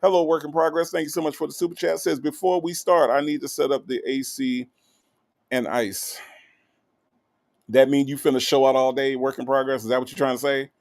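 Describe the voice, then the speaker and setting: A man hosting a casual livestream, reading out viewer comments and greeting them one by one in a teasing, animated way. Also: mid-range voice, moderate pace. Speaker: livestream host.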